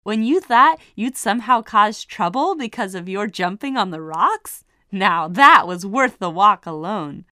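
A woman voicing an excited, teasing mother of a young boy in a storybook. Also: mid-range voice, unhurried, hardly any pauses, no echo, studio quality.

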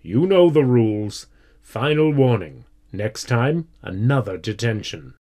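A man voicing a strict, stern male schoolteacher in a storybook reading, speaking in measured tones. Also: mid-range voice, lively intonation, darkish tone.

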